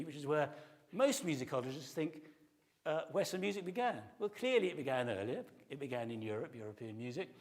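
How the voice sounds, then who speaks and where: A middle-aged man, a classics professor, giving a public lecture and explaining in detail, at times singing short phrases to illustrate. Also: medium pitch. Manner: explanatory, sings short snatches of melody to illustrate. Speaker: classics professor giving a pre-concert talk.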